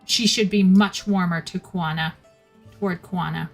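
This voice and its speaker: A woman's voice: lowish voice, fairly even intonation, normal speed, soft background music. A woman casually commenting on a game story while she live-streams it, often restarting her sentences. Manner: chatty, restarts sentences, critiques the writing.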